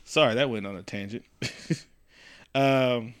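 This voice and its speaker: A man's voice: medium pitch, slow pace, fairly bright tone, smooth. A middle-aged man from the Bay Area, co-hosting a casual, profane comedic chat, rambling and laughing often. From San Francisco Bay Area. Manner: loose, rambling, laughs a lot, swears freely. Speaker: podcast co-host.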